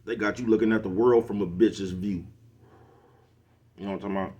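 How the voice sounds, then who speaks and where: A man's voice: sits low, fairly even intonation, fairly quick, mellow. A middle-aged man ranting casually to the camera, laid-back and slangy, always asking if you know what he's talking about. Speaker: vlogger hosting his own show.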